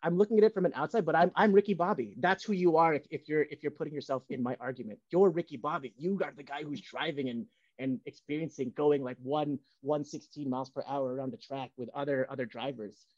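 A man's voice: on the high side, fast talker, hardly any pauses, darkish tone, highs cut off. A man co-hosting a podcast on a video call, arguing animatedly in casual debate and repeating himself. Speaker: podcast co-host. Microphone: home mic on a video call.

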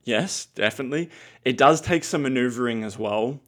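A man's voice: medium pitch, normal speed. A man explaining things on a podcast in a rambling, casual way, acting out the prompts he types. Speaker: guest copywriter.

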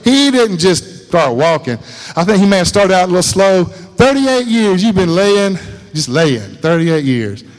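A man preaching a sermon in a folksy, animated way, repeating lines for emphasis. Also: high voice, measured pace. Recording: reverberant hall.

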